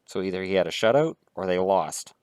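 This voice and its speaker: A man's voice: deep voice, animated, brisk, a little mellow, clean tone, no room sound. A man vlogging about hockey, talking in a heated, blunt and profane way. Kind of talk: casual opinion rant.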